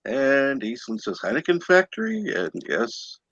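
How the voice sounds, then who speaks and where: Animated, bright-voiced male stream host. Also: mid-range voice, measured pace, breathy edge, no room sound, dull audio. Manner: joking, irreverent. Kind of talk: casual livestream chat.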